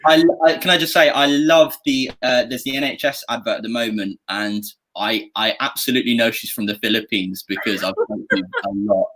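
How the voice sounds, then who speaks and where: A man's voice: medium pitch, fairly quick, hardly any pauses, fairly bright tone. A man chatting casually as a guest actor, playful and storytelling. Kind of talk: casual chat.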